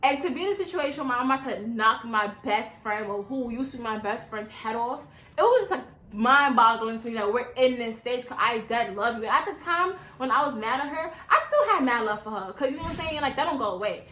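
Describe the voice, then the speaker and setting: A woman in her twenties from New York telling a story-time vlog, animated and slangy, acting out the dialogue. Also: a little high, a little fast, roomy sound. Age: 20s. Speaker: vlogger.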